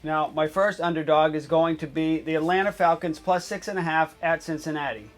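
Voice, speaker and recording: A male host of a comedy betting show talks through his picks. His voice sits a little high, and his deadpan delivery breaks into excited coughing fits. Faint music plays behind him. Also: brisk.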